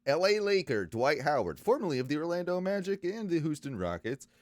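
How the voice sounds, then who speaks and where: A man's voice: fairly high pitch, big pitch swings, no echo. A man in his thirties hosts a podcast in easy, casual chat. He talks loosely and halts often, restarting sentences and filling gaps with uh. The sound is dry and close, with no room around it. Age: 30s. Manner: loose, halting, lots of uh and restarts. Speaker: podcast host.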